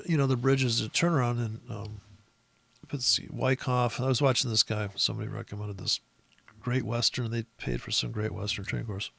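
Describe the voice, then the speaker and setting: A man giving a casual, rambling and profane talk on trading, rising to loud, high-pitched rants. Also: vocal fry, no room sound. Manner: profane, animated, gets loud and high when ranting. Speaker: trading educator.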